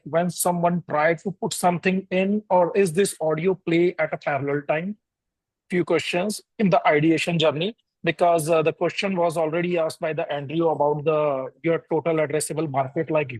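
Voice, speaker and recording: A man's voice: on the high side, no room sound, low-quality recording. A man judging a hackathon, asking questions with many fillers. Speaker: hackathon judge.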